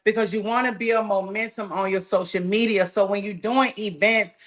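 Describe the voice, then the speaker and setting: A woman with a Southern US drawl, running a live sales training call in a folksy, energetic, encouraging way. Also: mid-range voice, moderate pace. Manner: folksy, talks straight to the group, says "y'all" often.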